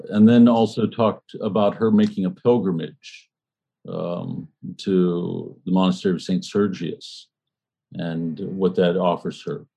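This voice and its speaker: Deep, husky-voiced man leading a study group. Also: mellow. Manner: thoughtful, halting, frequent fillers and restarts. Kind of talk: book discussion and reading aloud.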